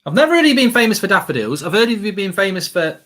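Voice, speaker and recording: A man's voice: high-pitched, very animated, fast, fairly bright tone. A man hosting a casual football watchalong, chatty and jokey, rambling and reading out live chat comments. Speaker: host.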